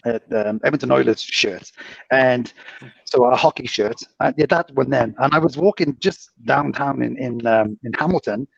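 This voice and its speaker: A man's voice: medium pitch, moderate pace, vocal fry, slightly rough, no room sound. A man co-hosting a casual podcast, rambling through stories with lots of fillers and frequent laughter. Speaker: podcast co-host, former cruise ship casino dealer. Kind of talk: casual chat, storytelling. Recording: dull lo-fi audio.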